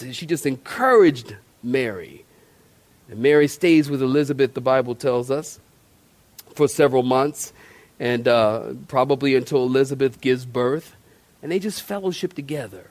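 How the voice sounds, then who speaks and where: A man's voice: medium pitch, normal speed, darkish tone. A man, a pastor preaching a sermon in a church, folksy and conversational with playful asides. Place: church sanctuary.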